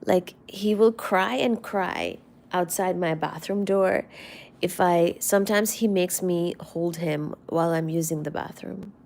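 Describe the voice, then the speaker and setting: Woman streamer, unhurried fond rambling, gravelly fry, trails off to near-whispers. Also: lowish voice. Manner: soft, affectionate, rambling, often drops to a near-whisper. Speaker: livestream host. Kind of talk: casual live-stream chat about her cats.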